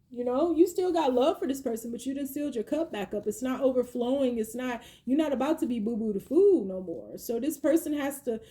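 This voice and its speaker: A woman giving a chatty tarot reading, slangy and playful, with quick asides. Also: sits high, mellow. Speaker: tarot reader. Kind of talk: casual tarot reading monologue.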